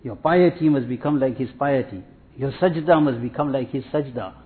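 A man giving a sermon in a measured, repetitive preaching cadence, telling anecdotes. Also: mid-range voice. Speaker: Islamic preacher. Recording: tinny phone-like audio.

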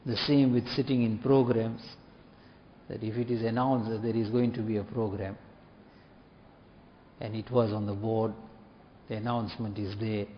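A man giving a sermon in a mosque, measured and repetitive, dropping to soft tones for emphasis. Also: lowish voice, little pitch movement, slight background noise. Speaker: imam giving a talk. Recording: dull, reverberant hall recording.

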